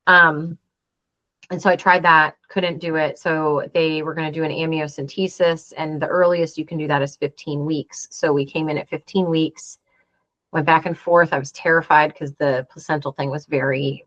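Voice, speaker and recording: Interview guest, woman, 40s, lowish voice, earnest storyteller, dry and dull lo-fi sound. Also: a bit bright, dry recording. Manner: earnest, acts out quoted dialogue. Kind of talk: emotional personal storytelling.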